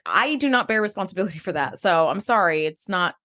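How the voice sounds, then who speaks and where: A woman co-hosting a podcast in casual chat, blunt and quick to swear. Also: fairly low pitch. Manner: blunt, swears freely, animated outbursts. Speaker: podcast co-host.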